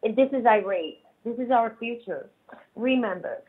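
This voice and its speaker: A woman's voice: medium pitch, lively intonation, moderate pace, breathy edge. A woman speaking with passion and a preachy tone to a talk-show audience. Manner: impassioned, preachy. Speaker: segment speaker. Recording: tinny phone line.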